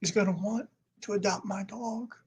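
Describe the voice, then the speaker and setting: A man speaking as a podcast guest, telling a personal story with strong emphasis, swinging from loud to nearly a whisper. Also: sits high, fairly even intonation, moderate pace, breathy edge, poor audio.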